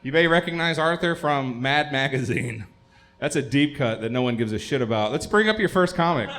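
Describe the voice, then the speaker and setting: A man's voice: mid-range voice, lively intonation, a little fast, a bit bright, slight background noise. A man hosting a live comedy show, crude and joking in a loose, unplanned way. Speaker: host.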